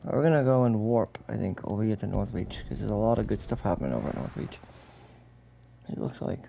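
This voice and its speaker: A man's voice: lowish voice, fast talker, gravelly, dark tone, low-quality recording. A male streamer giving casual commentary over a video game, full of jokes and a running mock rant laced with swearing. His voice sits mid-range, with faint noise in the background. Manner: profane, mock-ranting, joking. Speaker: gaming streamer.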